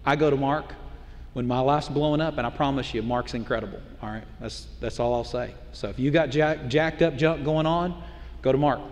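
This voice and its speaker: A man's voice: mid-range voice, normal speed. A middle-aged male pastor preaching a sermon in a conversational way, often putting rhetorical questions to the congregation. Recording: long hall reverb.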